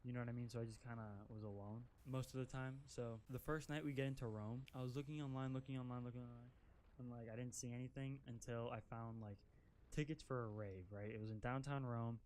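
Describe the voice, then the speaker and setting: A man's voice: mid-range voice, steady tone, a little fast, a little mellow, a little hiss or hum. Rambling young man telling a story. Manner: rambling, profane, filler-heavy with constant "like". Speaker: vlogger. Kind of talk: casual storytime. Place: outdoors while driving an off-road vehicle.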